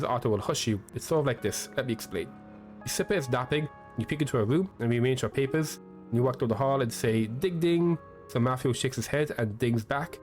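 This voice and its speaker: A man's voice: medium pitch, darkish tone, natural voice. A man voicing a playful, odd young male scholar from a video game, telling rambling whimsical stories.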